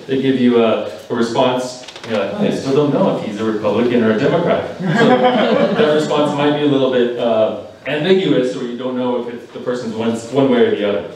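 A man's voice: mid-range voice, a little mellow, a little hiss or hum. Patient man teaching in an echoey hall. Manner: patient and teacherly, explains phrases and leads the room in repeating words. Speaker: language evaluator at a speaking club. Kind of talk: live spoken feedback to club members. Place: large echoey meeting room. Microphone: distant room mic. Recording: very echoey room, distant mic.

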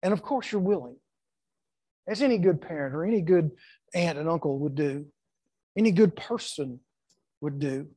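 Middle-aged male pastor, high-pitched, emphatic sermon delivery, dry close mic. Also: lively intonation, normal speed, pauses often, dark tone, husky, no echo. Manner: emphatic preaching with acted-out quotes and repetitions. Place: church sanctuary.

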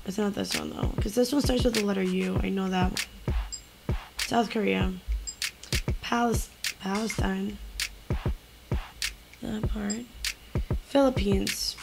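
Young woman, unhurried delivery, muttering quiz chat over background music. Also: mid-range voice, steady tone, vocal fry, rough recording. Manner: muttering to herself while clicking, laughing at mistakes. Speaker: YouTuber. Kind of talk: casual quiz-playing chat. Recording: music playing underneath.

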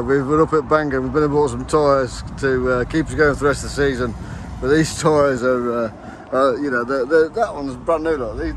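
A man's voice: medium pitch, fairly bright tone. A middle-aged man and racing driver chatting casually in a rambling vlog, full of restarts. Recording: noisy outdoor recording.

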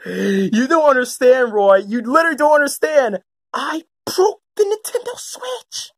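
A woman's voice: on the high side, animated, moderate pace. A woman voicing a panicky, melodramatic young male Koopa who whines and stammers in a puppet comedy skit. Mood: shaky.

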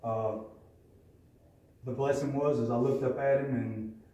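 A man tells his story at a recovery meeting, blunt and profane. His voice is dark and mellow, caught from a distance in a very echoey room with a faint murmur behind. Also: medium pitch, fairly even intonation, unhurried, lo-fi sound. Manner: candid, profane, plainspoken storytelling. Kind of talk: personal testimony.

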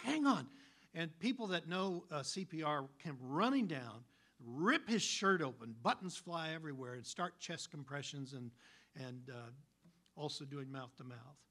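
A man preaching a sermon, telling stories in an animated, folksy way. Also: a little high. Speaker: pastor.

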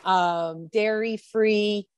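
A woman's voice: mid-range voice, steady tone, extremely slow, smooth. A woman explaining her personal chef service on a video call, with many fillers.

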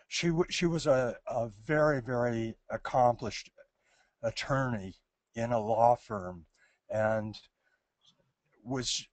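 A man's voice: medium pitch, darkish tone, dry recording. A man presenting on creativity, answering audience questions in a hesitant, thoughtful way with many restarts. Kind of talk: thoughtful Q&A talk.

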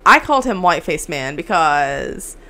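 A woman's voice: sits low, sing-song, normal speed, pushed and bright, faint music behind. A woman co-hosting a podcast, recapping a film in casual chat with a playful, profane manner. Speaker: podcast co-host.

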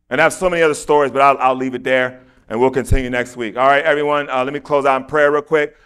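A man preaches in a clear, resonant voice pitched a bit high. He tells his testimony with acted-out quotes, then prays with fervent repetition. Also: steady tone, fast, fairly bright tone. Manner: storytelling, acting out quoted voices. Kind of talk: sermon testimony and prayer.

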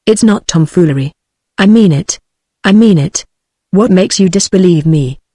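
British tts lady reading a young farmhand guy, soft and pushy, keeps repeating himself, dry sound. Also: on the low side, expressive, normal speed, dry recording. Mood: softly insistent. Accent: British English. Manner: softly insistent, repeating himself.

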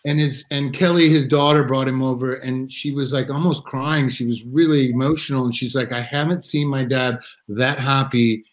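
A man's voice: mid-range voice, steady tone, normal speed, few pauses, poor audio. A middle-aged man telling a story in a casual live video chat, rambling with restarts and acting out quotes. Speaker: drummer guest. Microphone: video call.

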